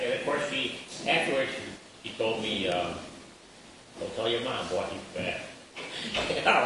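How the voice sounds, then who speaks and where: Older man, rambling comic storyteller, lively up-and-down delivery that keeps breaking into laughs; heard from across an echoey, noisy room. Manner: chuckling, self-amused, squeals into high voices for quoted characters. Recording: echoey room, mic from far off, noisy background.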